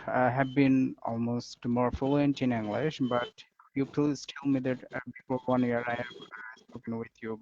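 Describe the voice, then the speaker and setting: A man chatting casually in conversation practice, halting and searching for words. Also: mid-range voice, darkish tone, dull audio, a little hiss or hum. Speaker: conversation partner asking questions.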